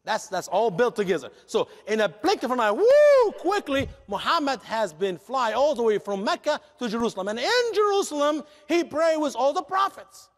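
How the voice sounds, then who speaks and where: Male guest preacher, dramatic storyteller, high animated voice, long church reverb. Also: moderate pace, few pauses. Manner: dramatic, expressive, non-native grammar. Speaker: guest speaker.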